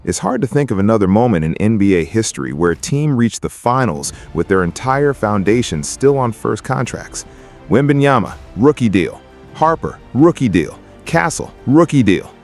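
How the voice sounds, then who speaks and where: A man reading scripted sports narration in a measured way. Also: medium pitch, big pitch swings, soft background music.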